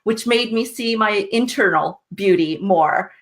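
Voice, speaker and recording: A woman's voice: medium pitch, a little slow, a bit bright. A woman guest on a podcast, earnestly telling her story in a casual way and often asking "right?" with a light laugh. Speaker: guest, success coach.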